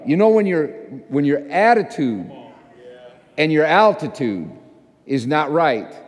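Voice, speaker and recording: A man pastor telling a story in a sermon, animated and self-mocking, acting out the people in it. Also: a little high. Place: church sanctuary. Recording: long church hall reverb.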